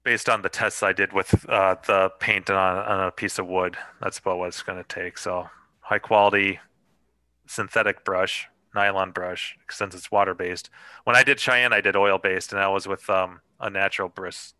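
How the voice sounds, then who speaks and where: A man's voice: low-pitched, level tone, normal speed, sharp tone, no room sound, poor audio. A man hosting a podcast in casual chat, rambling with lots of fillers and swearing. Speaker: podcast host.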